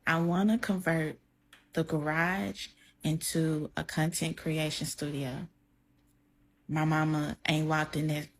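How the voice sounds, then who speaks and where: Young woman with a gravelly low voice. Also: slight background noise. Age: young adult. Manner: heartfelt, close to tears, conversational. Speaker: content creator. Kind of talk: emotional reaction vlog. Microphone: camera mic, facing camera.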